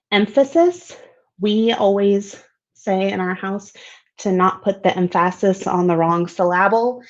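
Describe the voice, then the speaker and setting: A woman's voice: on the low side, darkish tone. Upbeat woman presenting design slides. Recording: dull, lo-fi.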